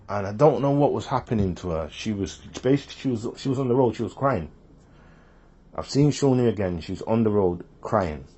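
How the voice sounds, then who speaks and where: A man's voice: fairly low pitch, expressive, a little fast, dark tone, slightly rough. A man telling a personal story in a rambling, casual way, often repeating himself and quoting what others said.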